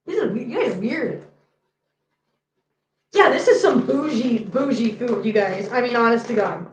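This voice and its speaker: A woman's voice: fairly high pitch, expressive, normal speed, roomy sound, rough recording. A woman hosting a casual livestream from home, chatting and joking while she talks to her cats. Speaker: host.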